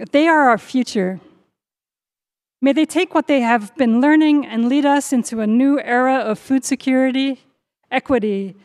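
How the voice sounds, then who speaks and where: Middle-aged woman, event host, slightly high voice, stumbling, thankful remarks. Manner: warm, halting, with frequent fillers and self-corrections. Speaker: honors program host. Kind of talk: university lecture welcome remarks.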